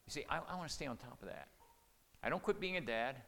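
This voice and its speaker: A middle-aged man preaching, telling family stories in an earnest, folksy way and going soft and quiet when quoting his own words. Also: mid-range voice, animated, quick pace. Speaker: pastor or marriage speaker. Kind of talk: sermon with personal stories. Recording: reverberant hall, faint noise.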